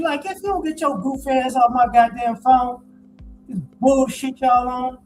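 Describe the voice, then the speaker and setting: A man in his forties giving a blunt, profane, animated casual monologue. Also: very high-pitched, normal speed, soft background music, low-quality recording. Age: 40s. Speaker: commentator.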